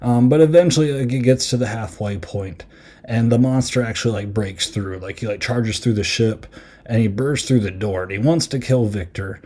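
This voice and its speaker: A man's voice: lowish voice, normal speed, darkish tone. A man hosting a podcast, casually reviewing a film in a rambling way, with lots of fillers and acted-out quotes.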